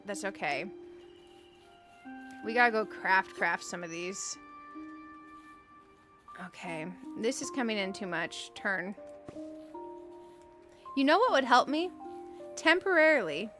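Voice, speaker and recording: A woman's voice: mid-range voice, expressive, slow, long pauses, over music. A woman streaming a game, chatting casually, giggling often and greeting viewers by name. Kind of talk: casual live-stream chat while playing.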